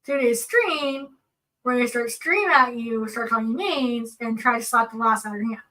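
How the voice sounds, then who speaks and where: Bright high-voiced woman, distant mic. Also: normal speed. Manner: earnest, explanatory, gives personal examples. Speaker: seminar co-presenter. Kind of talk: casual panel talk.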